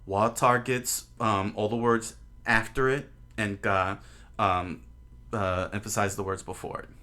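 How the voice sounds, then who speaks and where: A man's voice: lowish voice, steady tone, unhurried, sharp tone. A man teaching Japanese grammar on a livestream in a casual, rambling way, with many fillers and restarts. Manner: rambling, many fillers and restarts, drawing on a board while talking.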